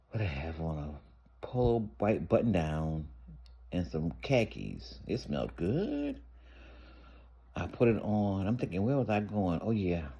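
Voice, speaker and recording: Man, deep voice, casual storytime vlogger, candid and conversational. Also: mellow, slightly rough. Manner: candid, conversational, rambling with restarts.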